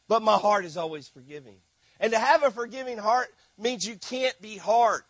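A middle-aged man from Texas, preaching a sermon as a missionary, telling stories animatedly and swinging from hushed asides to shouting. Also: sits high, normal speed, no echo.

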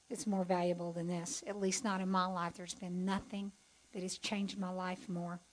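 A woman with a mid-range voice, captured in a low-quality recording, gives a testimony as a Bible teacher to a group. She's folksy, chatty and heartfelt, tossing asides to the audience.

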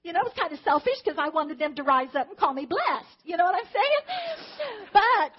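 A middle-aged woman with a high voice tells her personal testimony to a congregation. She is earnest and emotional and often turns to address God aloud. The recording is dull and lo-fi. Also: big pitch swings, moderate pace. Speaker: church testimony speaker.

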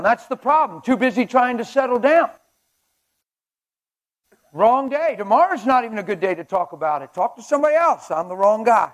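A man preaching a fervent sermon at a men's breakfast, swinging between shouts and hushed asides and laughing with the crowd. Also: very high voice, expressive, normal speed, pauses often. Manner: laughs and chats with the audience.

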